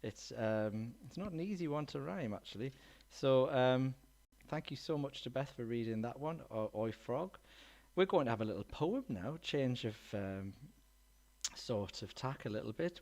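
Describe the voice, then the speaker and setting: A man's voice: medium pitch, animated, moderate pace, a little mellow. A man hosting a school story livestream, chatting casually and introducing the next reader with lots of restarts. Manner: chatty, rambling with fillers and restarts. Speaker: livestream host. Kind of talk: casual live-stream hosting.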